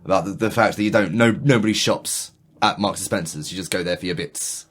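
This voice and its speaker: A man co-hosting a podcast, chatting in a quick, dry, self-deprecating way. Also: low-pitched, a bit bright, breathy edge. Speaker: podcast co-host. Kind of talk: casual chat.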